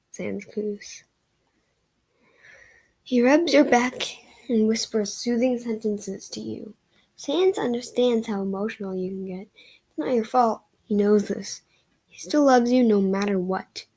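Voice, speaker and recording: A woman's voice: a little high, unhurried, long pauses, darkish tone, slightly rough, rough recording. A woman reading a romance fan story aloud in a casual way, sometimes stumbling over words. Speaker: reader of fan fiction.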